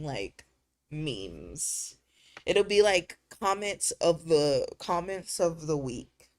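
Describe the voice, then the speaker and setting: A woman streamer chats casually, cracking crude teasing jokes, laughing often, and trailing off into fillers between thoughts. Her voice sits low, expressive and slow-paced.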